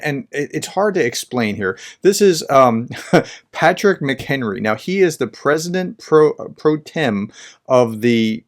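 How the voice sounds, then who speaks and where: A man giving casual, rambling political commentary between clips, often restarting his sentences. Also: mid-range voice.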